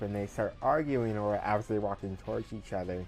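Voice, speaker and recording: A man's voice: fairly low pitch, a little fast, hardly any pauses, darkish tone, soft background music, poor audio. Rambling man recapping a cartoon episode. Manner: rambling, filler-heavy retelling with paraphrased quotes. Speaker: anime episode reviewer.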